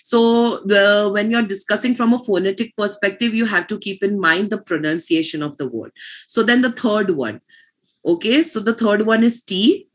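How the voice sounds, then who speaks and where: A woman's voice: mid-range voice, normal speed. A woman teaching pronunciation in an online class, explaining patiently and restarting her phrases.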